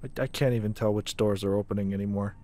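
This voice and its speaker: A man's voice: lowish voice, fairly even intonation, fast talker, warm tone. A man streaming a horror game, chatting casually and swearing freely as he reacts with startled exclamations. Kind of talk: casual live-stream commentary while playing a horror game.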